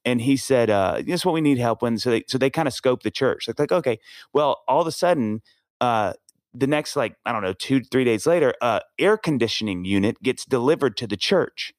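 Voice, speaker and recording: A man's voice: medium pitch, brisk, no echo, studio quality. A man in casual podcast conversation, telling stories with voiced-out quotes and easy laughter. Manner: lively storyteller, acts out quotes, laughs easily.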